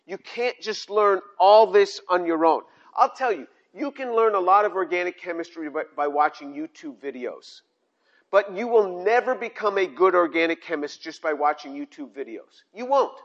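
A man's voice: high-pitched, lively intonation, moderate pace, lo-fi sound. An older man preaching a sermon, emphatic, repeating key phrases and restarting sentences as he goes. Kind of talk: sermon on scripture.

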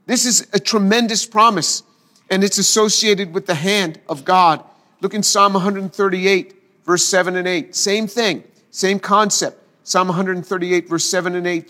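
A middle-aged man preaching an expository sermon, earnest, repeating key phrases for emphasis and stumbling into quick restarts. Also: sits high, steady tone, sharp tone.

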